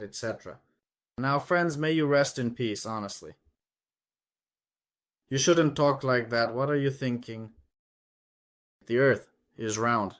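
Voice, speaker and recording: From behind the wheel of his truck, a talkative man from Ukraine rambles in casual conversation, addressing viewers as friends. He speaks at a medium pitch, slightly slowly, with frequent pauses.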